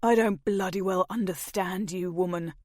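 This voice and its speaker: A woman's voice: lowish voice, fairly even intonation, moderate pace, darkish tone, no echo, studio quality, close to an everyday voice. Woman voicing a bitter masked nobleman. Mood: exasperated. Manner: curt, sneering and passionate. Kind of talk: audiobook character voice.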